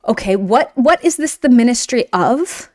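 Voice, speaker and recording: A woman teaching a Russian grammar lesson in a chatty, emphatic way, slowing down to read example sentences. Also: fairly high pitch, lively intonation, a little mellow. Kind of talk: online language lesson.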